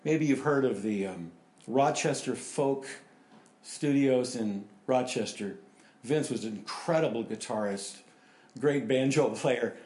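Roomy-sounding preacher telling stories. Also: male voice, mid-range voice. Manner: storytelling, swings from loud animated to hushed. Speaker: pastor. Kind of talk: sermon. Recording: roomy, echoey hall.

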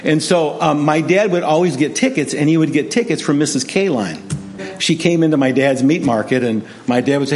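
A man preaches a sermon built on personal stories. His voice sits a bit higher than most men's. He drops to a hush at one moment and turns animated at the next. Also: brisk, faint music behind. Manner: storytelling, swings from hushed to animated. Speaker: pastor.

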